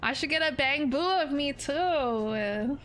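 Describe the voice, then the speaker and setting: A woman's voice: sits high, animated, takes it slowly, fairly bright tone, slight background noise. A woman streaming a game, chatting casually in a giggly, playful way. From Canada. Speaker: VTuber streamer. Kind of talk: casual gaming stream chat.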